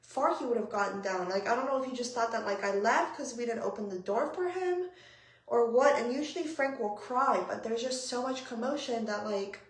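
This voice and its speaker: A young woman telling a story for her vlog in an animated, swearing way, acting out both sides of the conversation. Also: fairly high pitch, a little fast, echoey room. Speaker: vlogger.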